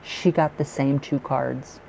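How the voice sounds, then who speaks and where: A man doing a live tarot reading, chatty and excitable, who laughs often and fills his talk with restarts. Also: mid-range voice, slow pace, gravelly, a little hiss or hum, poor audio. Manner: chatty, with many fillers and restarts. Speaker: tarot reader.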